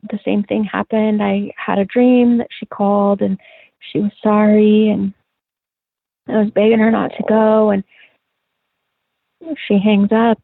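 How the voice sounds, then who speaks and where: A middle-aged woman telling a personal story in a soft, halting way, with many pauses and fillers, over a phone line. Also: mid-range voice, vocal fry, husky, no echo. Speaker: interview guest. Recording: tinny phone-line call.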